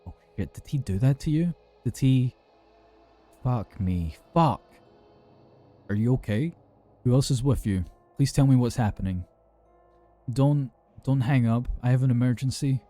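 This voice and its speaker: A man's voice: medium pitch, animated, unhurried, long pauses, warm tone, faint music behind, lightly acted. A man voicing a drunk young man who rambles, slurs and swears while reporting an attack to an emergency line. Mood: rattled drunk. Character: drunk young British man calling for help, rattled.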